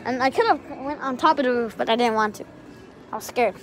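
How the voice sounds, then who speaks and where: A woman chatting casually in a vlog, excitable and talkative, speaking to her dog in a backyard by a shed. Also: on the high side, fast, faint music behind. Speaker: vlogger.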